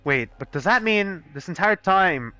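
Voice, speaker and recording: A young man playing through a fan game live, voicing characters in an excitable, swearing, mock-outraged way, on a dull, dry recording. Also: high voice, a little slow, smooth, no echo, soft background music. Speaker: let's play gamer voicing a fan game. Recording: dull, dry close-mic sound.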